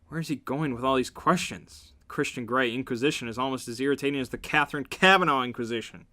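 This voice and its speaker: A man's voice: medium pitch, fast, few pauses. A man giving a comedic dramatic reading, narrating and breaking in with sarcastic, mocking asides. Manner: sarcastic, jumps to loud mocking outbursts. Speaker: reader, channel host.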